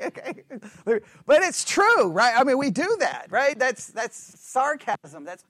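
A man's voice: very high voice, sing-song, measured pace, fairly bright tone, no room sound, studio quality. A man teaching a Bible study class in a conversational, playful way, acting out sarcastic remarks and often checking "right?" with his listeners.

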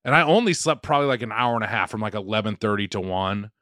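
A man's voice: fairly low pitch, lively intonation, fast, pushed and bright, no echo, clean studio sound. A man co-hosting a podcast, talking in a rambling, filler-heavy, self-deprecating way. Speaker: co-host. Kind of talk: casual podcast chat and host-read ad.

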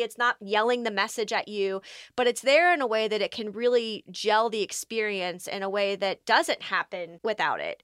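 A woman's voice: a little high, fairly bright tone, clear, resonant tone, no echo, clean studio sound. A woman co-hosting a podcast, chatting casually with many fillers and easy laughs. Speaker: podcast co-host.

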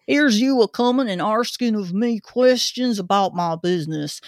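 A woman doing a gruff old zookeeper in thick dialect. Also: mid-range voice, normal speed, a little mellow, dry recording, clean studio sound, close to an everyday voice. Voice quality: rough working-class dialect. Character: gruff old male zookeeper, grumpy but chatty.

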